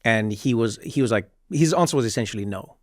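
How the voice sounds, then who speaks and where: Brief: male podcast host, mid pitch, inquisitive questions, dry close mic. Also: animated, quick pace, no room sound. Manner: inquisitive, asks follow-up questions. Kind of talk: interview conversation.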